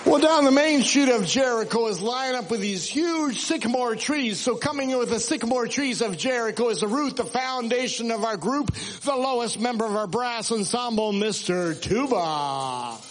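High-voiced playful male concert storyteller. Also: normal speed, few pauses, slight background noise, poor audio. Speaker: concert narrator. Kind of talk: storytelling narration at a live concert.

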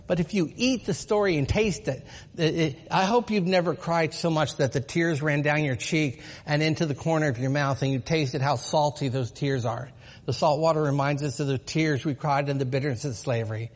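A man leading a live teaching demonstration before an audience, explaining patiently and asking rhetorical questions. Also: fairly high pitch. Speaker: presenter of a Passover seder demonstration. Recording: long reverb of a large hall.

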